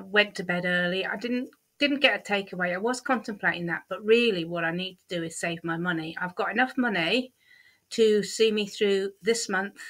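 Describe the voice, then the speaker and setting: A woman's voice: mid-range voice, pushed and bright. A middle-aged woman vlogger chatting candidly about her week, with a lot of ums and repeated words. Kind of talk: casual diary-style vlog.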